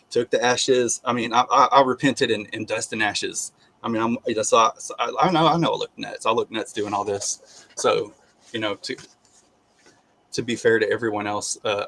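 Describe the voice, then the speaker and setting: A man sharing a personal faith testimony in a casual, halting way, with frequent restarts and bursts of animated laughter. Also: lowish voice.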